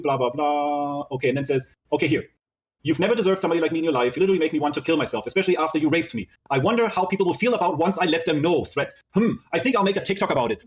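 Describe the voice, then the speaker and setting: A guest with a fairly high-pitched voice rapidly reads his text messages aloud, recounting a dispute at speed. He swears and narrates the exchange with "she says, I said."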